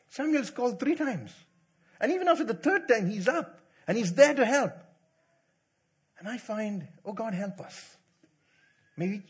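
A man preaching a sermon in a church, telling stories and acting out the people in them, swinging from loud to hushed. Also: high voice, breathy edge. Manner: animated storytelling, acts out quotes, swings loud to hushed. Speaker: pastor.

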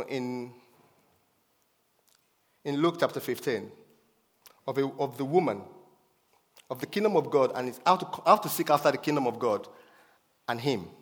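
A man's voice: mid-range voice, fairly bright tone. Emphatic male preacher in a reverberant hall. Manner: emphatic, repeats key phrases. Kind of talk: sermon.

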